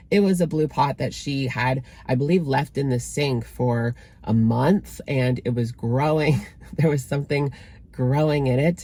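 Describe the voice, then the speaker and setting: A man's voice: mid-range voice, a little mellow. Male commentary host, casual delivery, dry sarcastic bite. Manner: sarcastic, dismissive.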